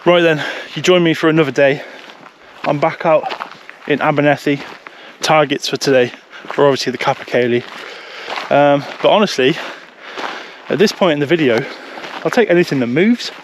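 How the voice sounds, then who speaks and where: Excitable man in a forest. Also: a little high, normal speed, pauses often, a little hiss or hum. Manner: excitable, chatty, jokey. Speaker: wildlife vlogger. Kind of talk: casual outdoor vlog talk. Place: outdoors in a forest. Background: faint outdoor ambience.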